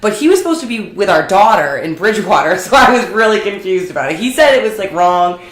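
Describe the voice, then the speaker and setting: A woman's voice: mid-range voice, sing-song, fast talker, roomy sound. A woman co-hosting a casual chat who tells rambling stories and laughs often. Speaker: podcast co-host.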